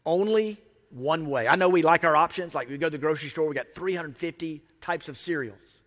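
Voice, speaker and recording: A man's voice: fairly high pitch, a little fast, fairly bright tone. A man with an American accent preaching a sermon as a pastor, talking conversationally with emphatic repetition. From United States. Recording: long reverb of a large hall.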